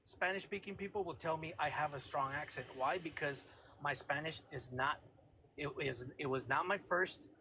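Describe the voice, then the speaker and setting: Man from Texas, bright, defensive. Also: fairly high pitch, moderate pace, slight background noise, low-quality recording. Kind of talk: casual debate.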